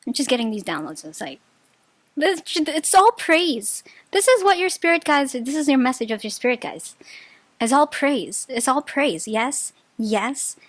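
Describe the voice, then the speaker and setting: A woman giving a casual pick-a-card tarot reading, chatty and excitable, often bursting into delighted laughter and restarting her sentences. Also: on the high side, normal speed, no room sound. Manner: chatty, full of filler words and restarts. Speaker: tarot reader.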